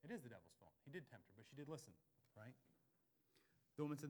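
A man in his thirties preaching a sermon, animated and acting out quoted voices with big swings from loud to soft. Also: mid-range voice, a little fast, pauses often. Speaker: pastor.

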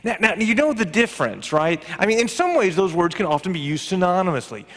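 A middle-aged man preaching a conversational sermon, animated and acting out little quoted reactions. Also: high-pitched, fairly quick. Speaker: pastor and college professor. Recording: long reverb of a large hall.

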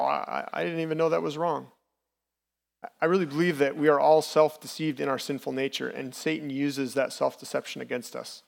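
A man's voice: fairly high pitch, vocal fry. A man in his thirties preaching a sermon in a candid, personal, conversational way as a lay preacher. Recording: long reverb from the hall.

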